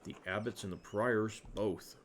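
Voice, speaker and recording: A man's voice: lowish voice, a little slow, slight background noise, close to an everyday voice. A man reading a bored, sardonic scribe monk. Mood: weary. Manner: dry, flat, unvoiced read.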